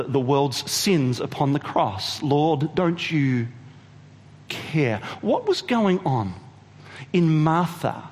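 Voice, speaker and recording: A man preaching a sermon, retelling a story in an animated way and asking the audience questions. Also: medium pitch, long reverb tail. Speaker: pastor.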